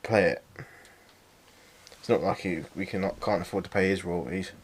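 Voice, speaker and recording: A man's voice: sits low, moderate pace, slightly rough. A man co-hosting a casual podcast, bantering, swearing and laughing with his friends. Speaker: podcast co-host.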